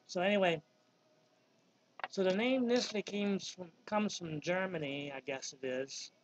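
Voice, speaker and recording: Man in his fifties, Virginia drawl, high-pitched, rambling vlog talk on a dull lo-fi recording. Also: a little slow, a little hiss or hum. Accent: Southern American (Virginia). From Virginia, USA. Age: 50s. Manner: rambling, digressive, with many ums. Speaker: vlogger. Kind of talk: casual monologue.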